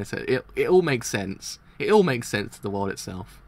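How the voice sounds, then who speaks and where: A man reading a manga aloud on a live reaction stream, breaking off for excited, joking asides. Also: medium pitch, normal speed.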